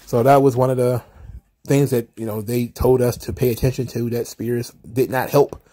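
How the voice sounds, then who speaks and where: A man's voice: medium pitch, level tone, normal speed, mellow. A man hosting casual solo wrestling recap commentary, rambling and wry, often exasperated, with the odd swear.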